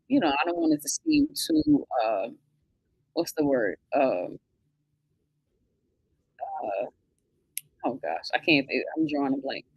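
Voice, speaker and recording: A woman with a gravelly edge to her voice, hosting a casual live conversation as a financial coach. Her pitch moves freely up and down while she talks things through, pausing to search for the right words. The sound is dry and close. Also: no room sound, rough recording. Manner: thoughtful, searching for words with many fillers.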